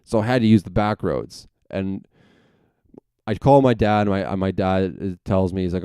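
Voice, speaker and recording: A man's voice: deep voice, moderate pace, dark tone, clear, resonant tone, no room sound. A young man hosting a podcast, telling a rambling, profane story full of self-corrections in a casual monologue. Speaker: podcast host.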